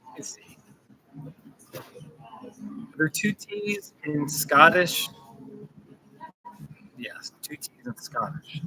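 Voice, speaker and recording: Extremely slow and pausing often, a man speaks in a fairly high, expressive voice amid background noise. Livestreaming from a coffee shop corner, he reads viewer comments in a casual, playful chat, repeating phrases and chuckling.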